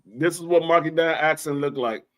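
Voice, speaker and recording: A man hosting a casual sports talk stream, joking through animated banter. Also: on the high side, normal speed.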